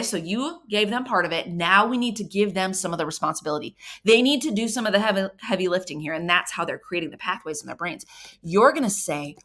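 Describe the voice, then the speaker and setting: An upbeat woman coaching parents on how to support a child's reading. She encourages warmly and slows down to sound out syllables and individual sounds with care. Her voice sits at an ordinary middle pitch. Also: a little hiss or hum. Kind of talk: instructional talk to parents.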